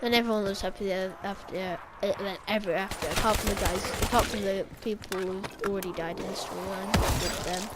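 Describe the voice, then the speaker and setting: A woman's voice: mid-range voice, steady tone, brisk, few pauses, very noisy. A woman talking casually about game lore, rambling and correcting herself as she speculates. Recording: game gunfire playing behind.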